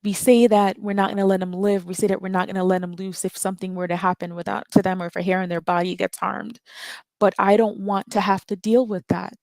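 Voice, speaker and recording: A woman's voice: mid-range voice, flat delivery, fairly quick, darkish tone, no echo. A woman calling into a live audio chat, talking earnestly and emotionally and repeating her words when stirred. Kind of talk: impassioned call-in talk.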